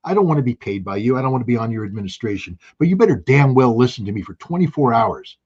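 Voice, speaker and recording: A man giving heated political commentary as a guest, forceful and indignant, often restarting his sentences. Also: medium pitch, lively intonation, fast talker, slightly rough, dull audio.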